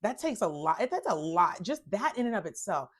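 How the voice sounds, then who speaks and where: Woman, host, fairly low voice, preachy self-help talk, emphatic repetition, gets heated. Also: very animated, normal speed, slightly rough. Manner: emphatic, repeats phrases, addresses listeners as y'all; gets worked up and loud when upset.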